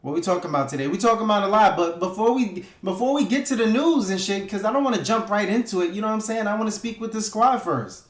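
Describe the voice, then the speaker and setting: A man's voice: high-pitched, quick pace, few pauses. A man hosting a casual livestream, talking loosely and profanely with his viewers and hyping them up. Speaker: livestream host. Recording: echoey room.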